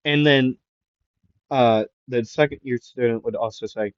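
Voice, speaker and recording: Halting, rambling man on a dull mic. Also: mid-range voice, fairly even intonation, smooth, no room sound. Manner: rambling, halting, full of fillers and restarts. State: recovering from a sore throat, avoids raising voice. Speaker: fan storyteller. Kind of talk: improvised fan story narration.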